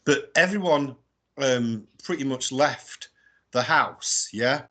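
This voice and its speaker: A British man, a guest explorer, telling a story casually and in an animated way, often adding tag questions and laughing as he talks. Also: medium pitch, slow. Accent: British English. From England. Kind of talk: casual storytelling on a radio show.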